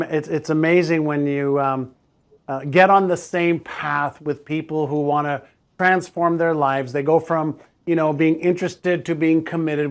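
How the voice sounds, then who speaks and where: A man hosting a casual interview, speaking calmly and reflectively, with a few hesitant restarts. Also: fairly high pitch, clean tone. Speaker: host.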